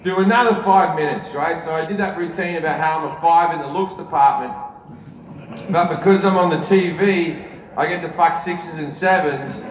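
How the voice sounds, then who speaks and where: A man's voice: normal speed, highs cut off, slight background noise. A man with an Australian accent doing stand-up, telling a story full of swearing and jumping into big voices for the people in it. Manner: swearing, acts out characters in big pitch jumps. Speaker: stand-up comedian. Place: large arena stage. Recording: roomy arena with live crowd, mic heard from far. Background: audience laughter.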